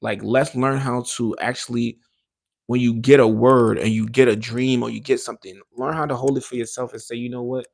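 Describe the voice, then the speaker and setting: A man's voice: mid-range voice, steady tone, brisk, vocal fry. A man hosting a casual livestreamed podcast, rambling and emphatic, with slangy, profane talk and frequent restarts. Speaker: podcast host.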